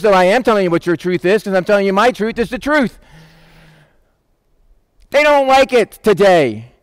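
A man preaching a sermon, telling a Bible story and acting out the quoted voices in a lively, casual way. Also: very high-pitched, smooth, dry recording. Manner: animated, acts out quoted voices. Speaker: pastor.

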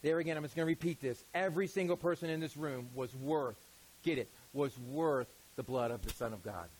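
A man preaching a Sunday sermon in a relaxed, conversational manner, with a fairly high speaking voice. He talks to the congregation with casual asides. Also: a little fast, breathy edge, poor audio. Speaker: pastor.

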